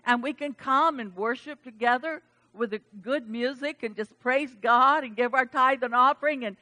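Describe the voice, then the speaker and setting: A woman's voice: sits high, normal speed, bright, forceful tone. A woman pastor preaching a sermon, emphatic and chatty, with casual asides to the congregation.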